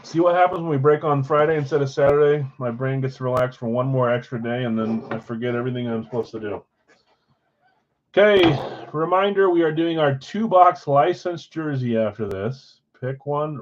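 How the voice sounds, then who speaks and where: A man's voice: medium pitch, normal speed. A man hosting a live card break stream, chatting casually with viewers and poking fun at his own mistakes. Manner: self-deprecating, chatty, talks to chat viewers. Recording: slightly dull lo-fi stream audio.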